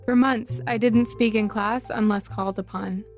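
A woman from North Carolina reading her personal essay in a deliberate, reflective way. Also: mid-range voice, fairly even intonation, faint music behind.

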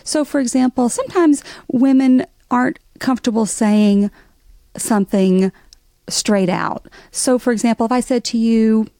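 A middle-aged woman with a Southern drawl, talking as an interview guest with a wry, storytelling humor. Her voice is gravelly and mellow, recorded dry and close. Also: a little high, normal speed, no room sound. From Alabama, US South. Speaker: author guest. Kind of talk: interview conversation.

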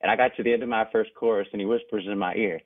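A young man tells his stories over a narrow, tinny phone line, his voice sitting a little low. He sounds eager and lets out laughs between anecdotes. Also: fairly even intonation, rapid-fire. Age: young adult. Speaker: jazz pianist guest. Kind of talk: storytelling in a radio interview.

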